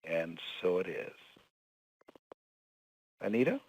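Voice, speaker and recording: A man, a motivational speaker and guest on a call-in line, telling a story emotionally, close to tears, swinging from loud outbursts to hushed tones. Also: deep voice, very animated, takes it slowly, breathy edge, lo-fi sound.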